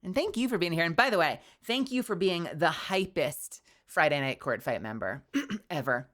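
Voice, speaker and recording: A woman's voice: lowish voice, lively intonation, normal speed, fairly bright tone. A young woman streaming casually, bubbly and rambling, often laughing. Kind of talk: casual livestream chat.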